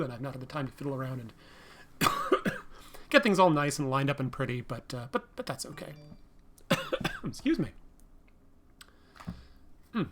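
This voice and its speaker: A man's voice: on the high side, slight background noise. Tired man streaming a game. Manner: relaxed, self-deprecating, thinks aloud. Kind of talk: casual live-stream commentary.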